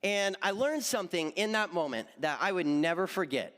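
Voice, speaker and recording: A man's voice: high-pitched, moderate pace. Young guy youth pastor preaching casually, lots of likes and ums, big hall echo. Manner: animated storyteller, lots of fillers.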